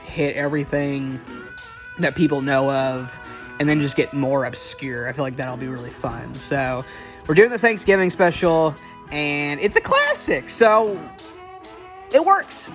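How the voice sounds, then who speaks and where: A man's voice: fairly high pitch, expressive, moderate pace, fairly bright tone, soft background music. Chatty, joking young man vlogging. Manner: chatty, joking, full of fillers and restarts. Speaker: vlogger reviewing holiday films. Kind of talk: casual, rambling commentary.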